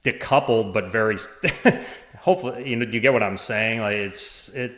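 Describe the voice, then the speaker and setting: A man talking as a podcast guest, in a halting way with many restarts and small laughs. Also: fairly low pitch, a bit bright. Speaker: podcast guest, former parish administrator. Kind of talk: casual conversation. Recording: roomy echo.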